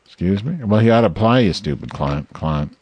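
A man making a prank phone call, talking in a sardonic, mumbling, deadpan way. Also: deep voice, fairly quick, breathy edge. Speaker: prank caller.

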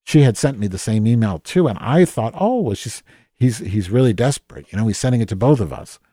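In a natural, mid-range voice with a dark tone and lively intonation, a man speaks a little fast, recorded with studio quality and no room sound. The podcast host stays in character as Madge, a cranky, cursing office worker, improvising a comedic monologue full of rambling, self-mockery and restarts.

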